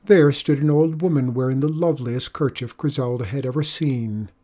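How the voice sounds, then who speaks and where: A storyteller reading a folk tale aloud in a measured, expressive way. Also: medium pitch. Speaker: narrator. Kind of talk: storybook narration.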